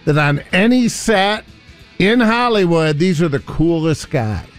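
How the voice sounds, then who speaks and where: Guy co-hosting a radio show, kinda high voice, easygoing, faint music under him. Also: lively intonation, a little slow. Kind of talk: casual radio banter.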